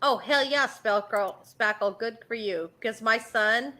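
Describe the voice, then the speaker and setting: A middle-aged American woman with a lilt hosts a loose, chatty stream. Her voice is bright and forward, and she talks bluntly, swearing freely in a casual way. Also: fairly high pitch, a little slow. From United States. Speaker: stream host. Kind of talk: casual chat.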